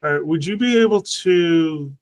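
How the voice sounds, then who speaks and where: A man's voice: a little high, moderate pace, poor audio. A man teaching an online class, patiently walking students through a worksheet and checking they understand.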